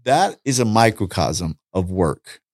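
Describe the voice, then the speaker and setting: A man talking casually on a podcast, an animated storyteller who acts out conversations and repeats his points. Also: low voice, unhurried, no room sound, studio quality. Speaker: podcast guest, street preacher. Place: podcast studio.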